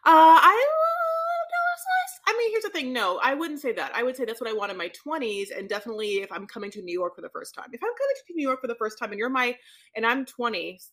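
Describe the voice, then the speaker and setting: Woman podcast co-host, somewhat high voice, sassy and animated, throws in "honey". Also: fast. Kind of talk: casual chat recapping reality TV.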